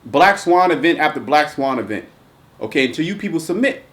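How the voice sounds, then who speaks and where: A man hosts a loose, rambling religious commentary talk. He is emphatic and profane and restarts his sentences often. His voice sits somewhat high for a man. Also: animated, fairly quick, a bit bright. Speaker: host. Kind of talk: casual religious commentary chat.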